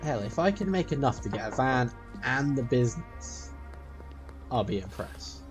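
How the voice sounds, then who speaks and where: A man's voice: medium pitch, animated, normal speed. A man giving a running let's play commentary and chatting to the characters in the game. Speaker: gameplay streamer. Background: game music.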